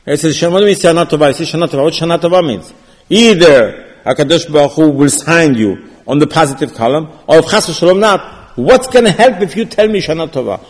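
A man's voice: a little high, expressive, quick pace. Man teaching Torah in a reverberant hall. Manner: repetitive, conversational, restarts words, acts out dialogue. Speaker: rabbi teaching a Torah class. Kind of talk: informal religious lecture.

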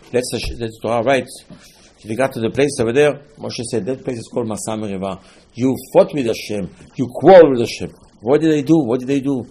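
A man's voice: mid-range voice, warm tone, a little hiss or hum. A man giving a Torah class sermon, telling stories and acting out dialogues with rising emphasis. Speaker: rabbi.

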